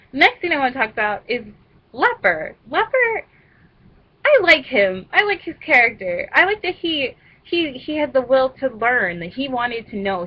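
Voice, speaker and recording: Husky young woman, rambling book chat. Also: a little high, lo-fi sound. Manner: animated, rambling, laughs at her own jokes. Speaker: vlogger reviewing a book. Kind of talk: casual book discussion.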